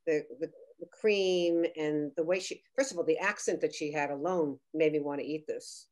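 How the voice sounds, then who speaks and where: Woman guest judge, effusive, rambling, lower register. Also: normal speed, a little mellow. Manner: gushing, rambling, restarts often. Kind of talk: casual judging on a video call. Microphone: video call.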